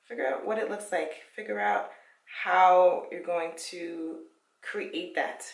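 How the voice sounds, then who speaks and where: A woman's voice: lowish voice, steady tone, slow pace, vocal fry, reverberant, recorded from a distance. A young woman chatting casually at home while taking out her hair, encouraging and laughing often. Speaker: vlogger. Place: her parents' home, indoors.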